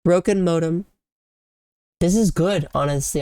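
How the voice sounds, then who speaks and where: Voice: medium pitch, fairly even intonation, moderate pace, pauses often, warm tone, no room sound. A sick, congested and tired streamer giving casual, rambling commentary on a video game, often trailing off and restarting sentences.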